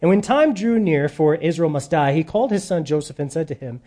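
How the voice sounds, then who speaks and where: Animated male pastor with a mellow voice. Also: on the high side, brisk, hardly any pauses. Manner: animated, drops to soft emphasis at phrase ends. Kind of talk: sermon.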